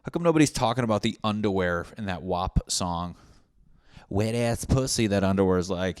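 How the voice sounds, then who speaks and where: A man's voice: low voice, normal speed, clean tone, no echo, clean studio sound. A young man hosting a solo podcast from his apartment, talking in a brash, joking, profane way. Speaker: podcast host. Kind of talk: casual solo podcast monologue. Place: apartment room.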